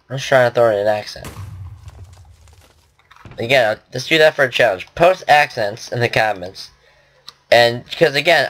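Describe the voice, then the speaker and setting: Sitting at his home computer, a man with a medium-pitched, slightly bright voice offers casual game commentary. He rambles along and jokes at his own expense.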